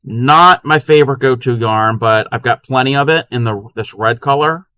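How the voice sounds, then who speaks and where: Brief: male crochet streamer, chatty and bright-voiced, dry mic. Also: medium pitch, moderate pace, clear, resonant tone, no echo. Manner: chatty, counts stitches under his breath. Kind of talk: casual live-stream chat while crocheting.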